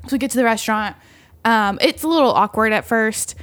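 A young woman casually telling a dating story on a podcast, animated, laughing often and acting out what others said. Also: fairly high pitch, brisk, dry recording. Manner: animated, laughs often, acts out quoted voices. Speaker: podcast co-host.

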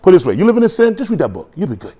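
Man preaching, sermon, animated, jokes, acted-out quotes, lively pitch, mellow tone. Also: racing, husky. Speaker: pastor. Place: church.

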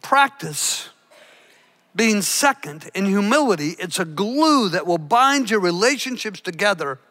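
Bright-voiced older man preaching a sermon. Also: sits high, very animated, unhurried. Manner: emphatic preacher with big swings between loud and hushed. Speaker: pastor. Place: church.

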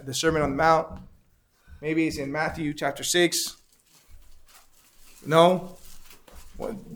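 A man teaching an interactive Bible lesson, asking the class questions and repeating their answers. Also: fairly high pitch.

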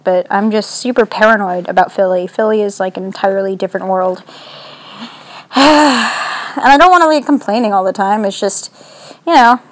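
A young adult vlogger talking into a phone in a casual, anxious, rambling way. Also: mid-range voice. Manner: anxious, rambling, self-deprecating.

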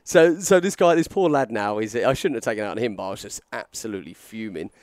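Male podcast storyteller, animated, acts out voices; dry close-mic sound. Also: on the low side, quick pace, clear, resonant tone, dry recording. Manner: animated storyteller, acts out quotes, frequent fillers and restarts. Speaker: podcast co-host telling a story. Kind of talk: casual storytelling chat.

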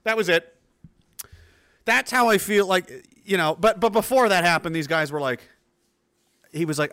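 A man's voice: high-pitched, normal speed, long pauses, a bit bright, smooth, no echo, clean studio sound. A man in his thirties from New Brunswick, Canada, casually telling a rambling, profane story to his stream chat, with lots of restarts.

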